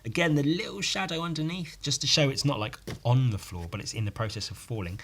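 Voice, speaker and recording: A man's voice: mid-range voice, fast, a bit bright, a little hiss or hum. A man hosting a podcast alone, rambling sardonically with frequent swearing and self-mocking asides. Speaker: podcast host. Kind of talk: casual solo commentary.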